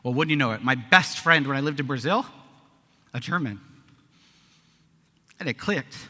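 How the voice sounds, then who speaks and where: A Canadian man in his thirties gives a speech to a live audience in a large conference hall, speaking at normal speed in an expressive, sharp mid-range voice. His delivery is conversational, often ending with a tacked-on question, and the recording has hall echo.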